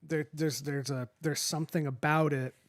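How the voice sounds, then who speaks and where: A man co-hosting a podcast in casual chat, halting and correcting himself, laughing often. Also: a little high, fairly even intonation. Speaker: podcast co-host.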